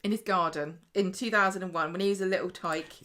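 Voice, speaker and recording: A woman's voice: fairly low pitch, steady tone, fast, a bit bright. A woman co-hosting a casual chat show, retelling scenes and quoting the characters. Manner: chatty, retells scenes with quoted voices. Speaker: podcast co-host. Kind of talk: casual chat about a TV soap.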